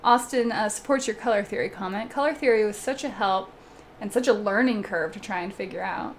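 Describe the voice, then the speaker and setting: A young woman hosting a casual live stream, chatting with viewers while she paints, laughing often and breaking into animated asides. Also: mid-range voice, fairly quick, slight background noise. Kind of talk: casual chat while reading viewer comments.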